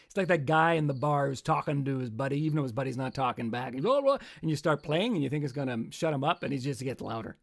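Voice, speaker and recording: A man's voice: medium pitch, lively intonation, quick pace, gravelly, few pauses. A man hosting a livestream, rambling and joking with self-mocking asides between songs. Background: acoustic guitar.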